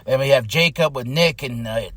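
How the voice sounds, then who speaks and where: A man hosting a podcast, recapping in an excited, animated way with hype shouts. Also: mid-range voice, moderate pace, no echo. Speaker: podcast host. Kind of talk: casual wrestling recap.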